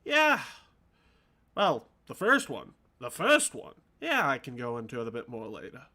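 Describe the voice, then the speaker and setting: A man's voice: mid-range voice, huge pitch swings, a little slow, sharp tone, full character voice. A man voicing a polite, composed woman character in a tabletop game, speaking in a raised voice. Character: composed, chatty woman arriving by ship. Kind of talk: tabletop role-play voice acting.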